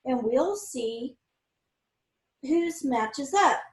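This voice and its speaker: A woman voicing an excitable, eager young girl, speaking in an eager, breathless way. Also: high-pitched, drawn-out words, heavily acted. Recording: roomy echo.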